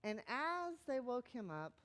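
A woman pastor giving a sermon in a conversational, animated way, sometimes dropping to a hushed, soft tone. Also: on the high side, unhurried.

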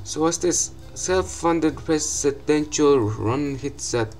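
A young man giving excitable gameplay commentary, swearing often and breaking into loud outbursts and laughs. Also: fairly high pitch, slow, faint music behind, low-quality recording.

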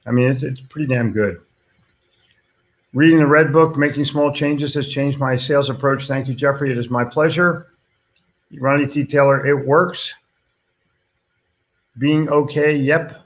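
A man's voice: medium pitch, fairly even intonation, a little slow, long pauses. A man hosting a casual live stream, reading viewer comments aloud and reacting to them in a blunt, chatty way with casual swearing.

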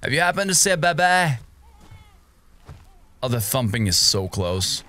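A young man narrates his horror game run in a bright, ringing voice that swings widely up and down. He talks to himself the whole way through and yelps and gasps whenever something jumps out at him. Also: medium pitch, sing-song, measured pace. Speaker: gaming streamer. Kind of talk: horror game playthrough commentary.

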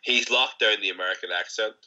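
Young man, very low voice, sharp bright tone, teasing podcast co-host, dull lo-fi sound. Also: fairly quick. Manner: rambling, teasing, swears casually. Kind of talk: casual podcast banter.

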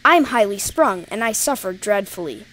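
A woman's voice: medium pitch, animated, normal speed, fairly bright tone, lightly acted, poor audio. A woman doing a sulky self-pitying little engine.

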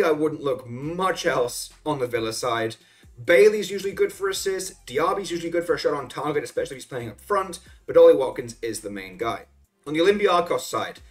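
A man hosting a casual solo rundown of soccer betting picks, chatty and loose, with frequent fillers and self-corrections. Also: fairly high pitch. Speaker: sports betting analyst host.

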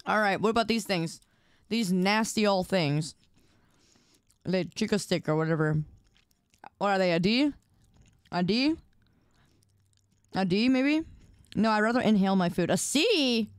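A woman's voice: mid-range voice, clear, resonant tone, no echo, studio quality. A young woman streaming live, chatting playfully and teasing her viewers while she eats. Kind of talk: casual live-stream chat.

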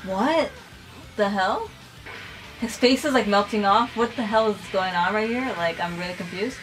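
A young woman hosting a casual reaction video, talking excitedly, swearing freely and saying "like" a lot. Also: medium pitch, normal speed, soft background music, poor audio. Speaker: reaction channel host. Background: anime episode audio playing.

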